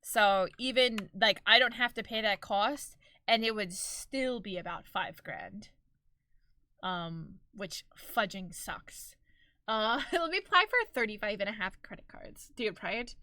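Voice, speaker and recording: Bright-voiced chatty woman streamer. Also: medium pitch, measured pace, no room sound. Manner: chatty, expressive, laughs often. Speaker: live streamer. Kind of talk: casual live-stream chat.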